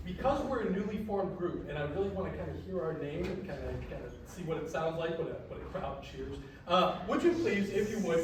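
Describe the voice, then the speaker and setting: A man's voice: high-pitched, background noise. A man in a comedy troupe telling a crude joke story to a live audience, with playful crowd banter. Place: large hall with a live audience. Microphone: far from the recording mic. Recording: echoey hall recorded from far off.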